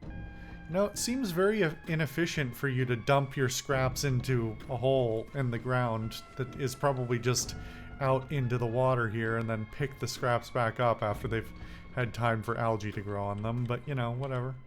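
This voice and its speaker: A man's voice: medium pitch, fairly even intonation, moderate pace. A man giving casual, wry commentary while playing a game, thinking aloud as he reads the cards. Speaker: gameplay commentator. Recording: faint background music.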